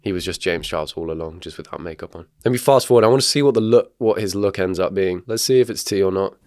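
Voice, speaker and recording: A young man doing comedic reaction commentary, jokey and animated, laughing often and squealing at gross moments. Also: low-pitched, fast talker. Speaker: commentary YouTuber reacting to clips.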